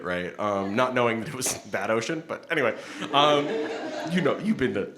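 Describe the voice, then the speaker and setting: A man's voice: medium pitch, expressive, a little fast, a bit bright. A male poet reading his spoken word poems live, with rambling, self-deprecating, laughing asides between them. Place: event hall with audience. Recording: echoey hall.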